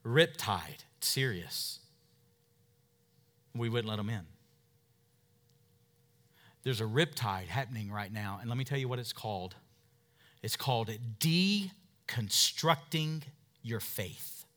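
A man's voice: mid-range voice, expressive, slow, long pauses, pushed and bright. A middle-aged male pastor preaching an emphatic sermon, calling for amens from the congregation. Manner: emphatic preaching with call-and-response.

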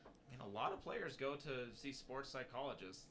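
A man's voice: medium pitch, normal speed, fairly bright tone, a little hiss or hum. A man co-hosting a casual sports talk show, easygoing and joking. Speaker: podcast co-host.

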